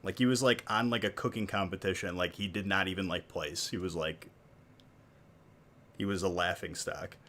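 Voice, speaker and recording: A man's voice: low voice, steady tone, normal speed, a bit bright. A man hosting a live stream, ranting in casual chat and saying "like" a lot. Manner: ranting, heavy use of "like". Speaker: stream host.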